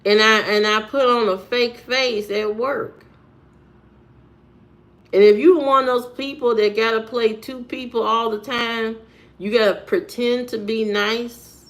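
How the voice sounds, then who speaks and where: A woman's voice: a little high, fairly even intonation, measured pace. A woman vlogger giving a blunt, preachy monologue and firing off rhetorical questions. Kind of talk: preachy straight-to-camera monologue.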